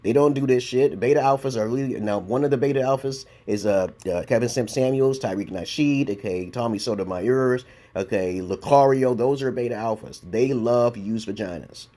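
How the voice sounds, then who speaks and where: A Brooklyn-born YouTube commentator in his forties rants casually and bluntly in a response video, with a New York accent, lots of profanity and a recurring "okay?". His mid-range, mellow voice moves at normal speed with hardly any pauses.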